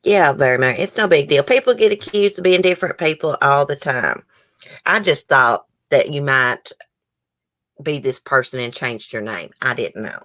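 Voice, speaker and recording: Low-voiced woman chatting on stream. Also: lively intonation, moderate pace, fairly bright tone. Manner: chatty, reads viewer comments aloud. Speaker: YouTube host. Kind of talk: casual live-stream chat.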